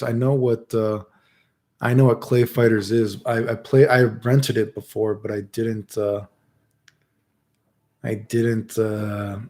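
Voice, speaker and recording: A man's voice: on the low side, gravelly, darkish tone. A man streaming and telling stories in casual chat, rambling loosely and saying "dude" all the time. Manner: rambling, says "dude" constantly; loose, laid-back delivery with restarts.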